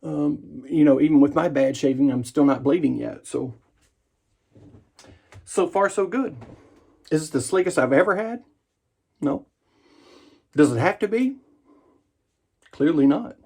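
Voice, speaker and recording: A man's voice: on the high side, a little slow, vocal fry, pauses often, darkish tone, husky. A man hosting a wet shaving vlog from his home bathroom, rambling and joking at his own expense while he shaves. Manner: joking, rambling, self-deprecating. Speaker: wet shaving channel host.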